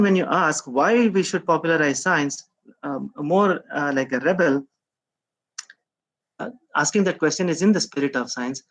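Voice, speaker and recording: A man's voice: fairly high pitch, poor audio. A middle-aged man gives a conference talk, thinking aloud with many hesitations and rhetorical questions. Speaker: speaker at a science outreach event.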